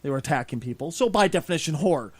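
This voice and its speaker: A man hosting a podcast, telling a story in loud, animated, profane banter. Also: a little high, rapid-fire, husky. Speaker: podcast host.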